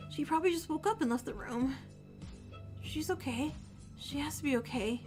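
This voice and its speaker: An anxious young game hero who pleads earnestly and frets over a friend, as a woman reads him aloud. The voice is fairly high-pitched and stays close to a natural speaking voice, with faint music underneath. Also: normal speed, close to an everyday voice. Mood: narrating. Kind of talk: reading game dialogue aloud.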